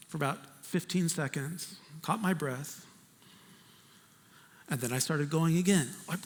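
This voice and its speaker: A male pastor preaching a storytelling sermon in a conversational, animated way, swinging between loud and hushed. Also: high voice. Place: church sanctuary. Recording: reverberant church hall.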